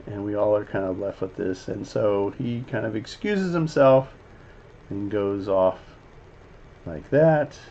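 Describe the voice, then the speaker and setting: A man talks slowly through an animated scene like a teacher, filling gaps with "you know" and "um" and acting out the characters' lines. The recording is a bit dull and lo-fi. A faint noise runs underneath. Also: on the low side. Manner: rambling, many fillers, acts out the characters' lines. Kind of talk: casual scene breakdown. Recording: slightly dull lo-fi audio with faint background noise.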